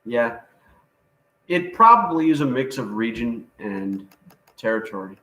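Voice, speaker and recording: A man's voice: medium pitch, expressive, unhurried, pushed and bright. A man co-hosting a livestream in casual chat, joking, laughing often and trailing off with fillers. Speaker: livestream co-host. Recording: roomy echo.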